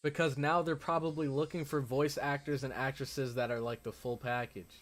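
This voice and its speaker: Male streamer, mid-pitched, chatty and excitable, reads game text and riffs on it. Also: moderate pace. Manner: chatty, excitable, with frequent "like" fillers. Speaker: streamer playing a visual novel. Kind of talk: reading game text aloud with casual commentary.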